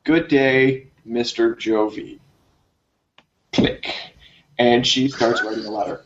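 A man casually telling a long funny story to friends, jumping up in pitch when he acts out his own reactions. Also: takes it slowly, background noise. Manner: animated, jumps high for quoted reactions. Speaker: podcast co-host telling a story. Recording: dull lo-fi recording.

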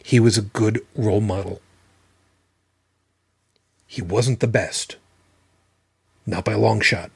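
Husky, blunt podcast host man. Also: on the low side, fairly even intonation, slow pace, pauses often, dry recording. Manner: blunt, profane, emphatic. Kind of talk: casual livestream talk.

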